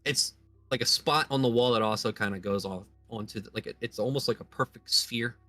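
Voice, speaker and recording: A man running a tabletop game, describing scenes in a relaxed, loose way with many fillers. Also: mid-range voice, a little fast, no echo, soft background music. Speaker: game master.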